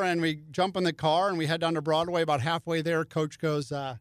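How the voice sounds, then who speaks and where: A man's voice: fairly high pitch, steady tone, a little fast, clean tone, no room sound, studio quality. A middle-aged man telling a story in a casual chat, and he acts out other people's lines in raised voices. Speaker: podcast guest.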